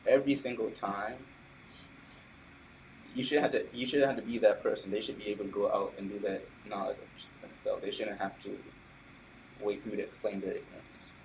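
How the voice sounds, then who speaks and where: A man from Prince George's County, Maryland, on a casual podcast, explaining his point step by step in a measured way. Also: lowish voice, little pitch movement, slight background noise, poor audio.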